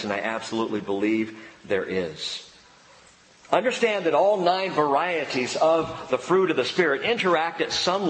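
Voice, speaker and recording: A man's voice: fairly high pitch, a bit bright, a little hiss or hum. Man preaching in a reverberant hall. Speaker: pastor. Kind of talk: sermon. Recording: long hall reverb, faint ambience.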